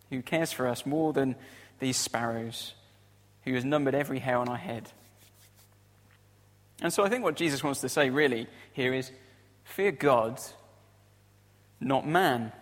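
A man's voice: medium pitch, in a large hall. A man preaching a sermon in a conversational way, often adding tag questions.

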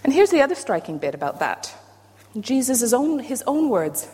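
A woman preaching a sermon, playful and self-deprecating, with animated emphasis. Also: fairly high pitch, moderate pace, breathy edge. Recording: long hall reverb.

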